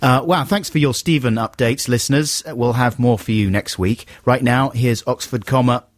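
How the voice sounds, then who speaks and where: A man's voice: medium pitch, moderate pace, no room sound. A man co-hosting a casual radio show, playful and whimsical and prone to silly tangents, in a studio. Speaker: radio co-host.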